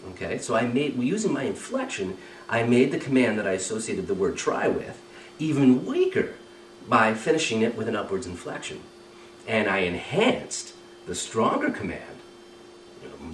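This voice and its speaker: A man's voice: mid-range voice, fairly bright tone, roomy sound, distant mic, slight background noise, poor audio. A man teaching a recorded training lesson, explaining step by step and often checking with "right?" and "okay?". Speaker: communication trainer.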